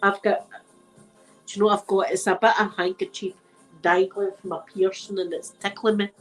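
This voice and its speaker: A Scottish woman chatting loosely with her livestream viewers, rambling from one thing to the next and swearing without a second thought. Her voice sits at an ordinary middle pitch, a little stuffy from a blocked nose. Soft music plays quietly behind her. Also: little pitch movement, moderate pace, rough recording. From Scotland. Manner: chatty, rambling, swears casually, laughs often. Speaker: ASMR channel host. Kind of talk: casual livestream chat, answering viewers. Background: faint music playing.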